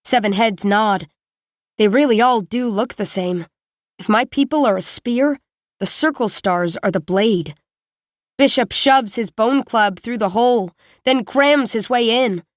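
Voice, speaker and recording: A woman reading a first-person audiobook in a steady, measured storytelling manner, close to a studio mic. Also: on the high side, dry recording. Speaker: audiobook narrator.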